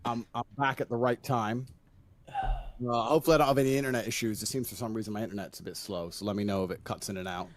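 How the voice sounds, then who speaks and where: A man in an online debate, speaking in a measured, firm, lecturing way about respect and manners. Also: medium pitch, steady tone. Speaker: debate guest in a played clip. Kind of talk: online debate over a call.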